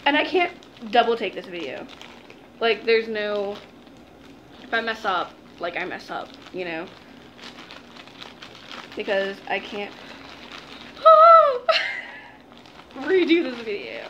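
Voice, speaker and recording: A woman's voice: mid-range voice, sing-song, measured pace, long pauses, background noise. A young woman chatting to her viewers in a casual unboxing vlog, gushing and giggling, calling them "guys". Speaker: vlogger.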